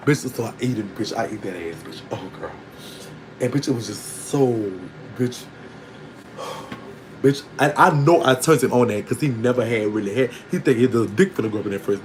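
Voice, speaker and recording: A man telling a candid personal story to his online audience in a casual, animated way, often breaking into laughter. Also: mid-range voice, normal speed, pauses often, slight background noise, low-quality recording. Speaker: storytelling vlogger.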